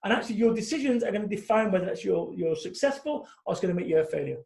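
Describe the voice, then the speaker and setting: Blunt fired-up guy in his 40s, high voice, echoey room. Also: rapid-fire, creaky. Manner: animated, blunt, swears. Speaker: guest speaker. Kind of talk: casual interview talk.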